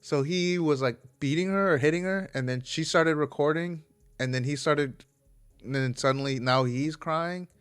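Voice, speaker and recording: A man's voice: fairly high pitch, moderate pace, fairly bright tone, clear, resonant tone. A man hosting a casual solo podcast, rambling from tangent to tangent and swearing freely. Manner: rambling, profane, digressive. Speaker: podcast host.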